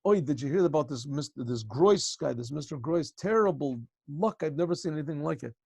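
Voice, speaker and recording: A man voicing a male traveler gossiping at an inn in a lowered, chatty tone. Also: expressive, fairly quick, gravelly, a little mellow, husky, no room sound, clean studio sound, full character voice. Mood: gossipy.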